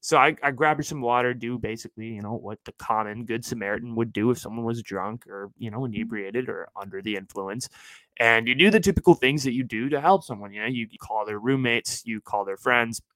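A man in his twenties from California, telling a story on his podcast in an animated, chatty way. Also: medium pitch, a little fast, no echo, low-quality recording. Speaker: podcast host.

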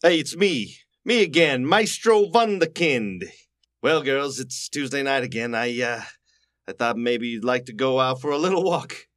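An actor playing a gloomy, self-pitying maestro neighbor in a 1940s radio sitcom, with a mournful, wry delivery. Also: male voice, medium pitch, lively intonation, measured pace, a bit bright. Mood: droll. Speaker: neighbor musician.

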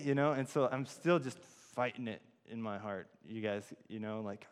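A man's voice: mid-range voice, fairly even intonation, normal speed, hardly any pauses, clean tone. Man preaching casually in an echoing hall. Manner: rambling, many fillers and restarts. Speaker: church speaker. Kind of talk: informal sermon with personal story. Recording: long hall reverb.

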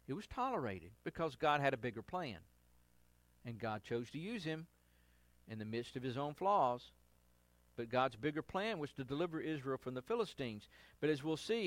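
A male pastor giving a conversational Bible study sermon, acting out the quotes he reads with lively inflections. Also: on the high side, no room sound.

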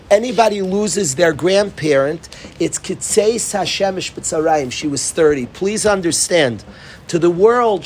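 A man's voice: on the high side, a little hiss or hum. A man giving an earnest Torah class, repeating himself for emphasis. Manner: earnest, repetitive, mixes Hebrew and Yiddish terms. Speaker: rabbi teaching a class.

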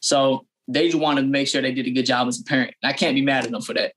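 A man's voice: medium pitch, fairly even intonation, fast, fairly bright tone. A young adult man, a barber, telling his story in an interview, earnest and full of fillers and restarts. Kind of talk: casual storytelling interview answer.

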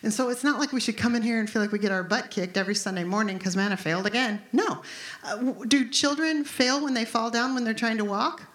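A woman's voice: a little high, fast talker, a bit bright. A woman in her fifties preaching a conversational, emphatic sermon as pastor. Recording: echoey room.

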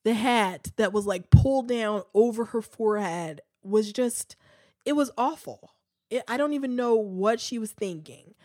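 A woman's voice: on the high side, unhurried, a little mellow, no room sound, clean studio sound. A woman hosting a casual, opinionated chat, full of fillers and restarts. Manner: chatty, frequent fillers and restarts.

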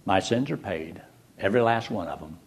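A man's voice: sits low, brisk. An older man preaching a sermon, telling folksy stories and jokes between Bible verses. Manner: folksy, animated storyteller with jokes. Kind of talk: sermon with storytelling.

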